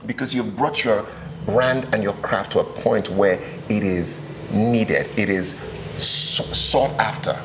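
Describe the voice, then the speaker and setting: A man from Nigeria, an actor being interviewed, telling stories in a relaxed chat and acting out the people he quotes. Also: fairly low pitch, takes it slowly, background noise. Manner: animated storyteller, acts out quoted voices.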